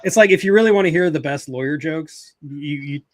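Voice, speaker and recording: A man's voice: a little high, brisk, no room sound, studio quality. A man hosting a casual podcast chat, laughing often as he talks. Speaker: podcast host.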